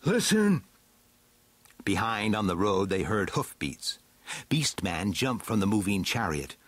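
A man reading a storybook aloud with a slow, dramatic, swooping delivery. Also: fairly low pitch, fairly bright tone, slightly rough, dry recording. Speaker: narrator.

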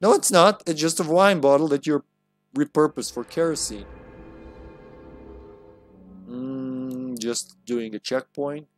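A man's voice: medium pitch, slow, long pauses, soft background music. A man streaming a video game live, rambling and making joking asides. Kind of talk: live let's-play commentary.

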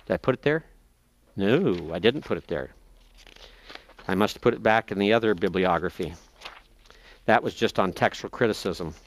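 A man in a seminary lecture, explaining texts step by step, slowing down to spell out terms and page numbers, thinking aloud as he checks his notes. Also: on the low side, animated, a little hiss or hum. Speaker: seminary professor. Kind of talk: classroom lecture.

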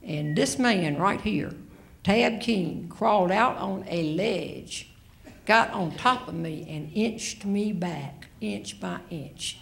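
Older female humorist: bright-ish, animated live storyteller, captured on a noisy stage recording. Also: fairly high pitch, takes it slowly, vocal fry. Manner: animated, shifting into quoted voices. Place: stage before a laughing audience.

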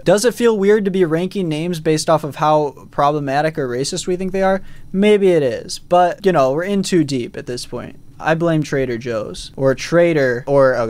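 A man's voice: a little high, darkish tone, clean tone. A man casually commentating a live stream, reading out chat votes and poll results with frequent fillers.

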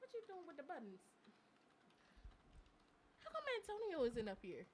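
With a high voice whose pitch swoops wildly, a young woman speaks at normal speed while co-hosting a casual live chat stream. She laughs often and uses slang as she tells stories in a chatty way, and there is slight background noise.

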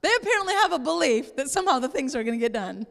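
A woman pastor preaching a sermon in church, lively and playful, sometimes acting out exasperated voices. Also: high-pitched, racing, gravelly, long reverb tail. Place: church sanctuary.

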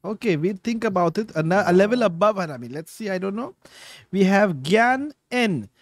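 A man's voice: high voice, animated, normal speed, no echo, clean studio sound. A man hosting a casual livestream, bantering and reading out super chats. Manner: bantering, switches between English and Hindi. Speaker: host.

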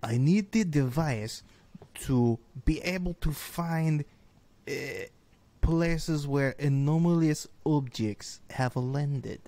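A man's voice: a little high, mellow, dry recording. A man voicing a grave male professor with a heavy put-on accent in an improvised comedy sketch. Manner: slow, heavily accented, broken speech.

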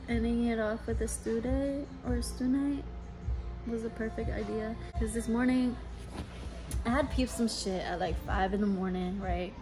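A young woman vlogging late at night in a recording studio, telling her day's story in a loose, profane, ranting way. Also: a little high. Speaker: vlogger and singer. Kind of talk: casual chat to camera.

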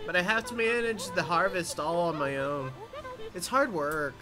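A man's voice: high-pitched, expressive, moderate pace. A man doing a gushing, chatty village girl. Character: chatty, flustered young village woman.

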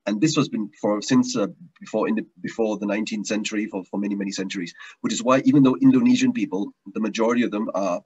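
A lowish, husky male voice, teaching a language class online. He explains patiently, circling back and repeating himself as he goes. The sound is muffled and lo-fi, like a web stream. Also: fairly even intonation, quick pace, darkish tone. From Malaysia. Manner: explanatory, repeats words and restarts often.

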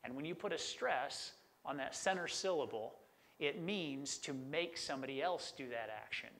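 A man's voice: fairly high pitch, lively intonation, moderate pace, fairly bright tone. A middle-aged man preaching a sermon as a pastor, conversational and enthusiastic about word meanings.

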